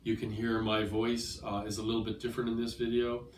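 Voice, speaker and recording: A man with a cold teaches English test strategies at a school. His slightly low voice carries from a distance into a roomy space, with a faint hum of ambience behind. He explains patiently and checks understanding often. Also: completely flat delivery, a little fast. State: has a cold. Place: language school.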